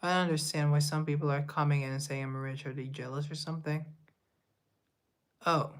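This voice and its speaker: This young Colombian musician talks casually on his live stream, going through viewer comments and rambling self-deprecatingly. The delivery is flat and fairly quick, with a fairly high, fairly bright voice.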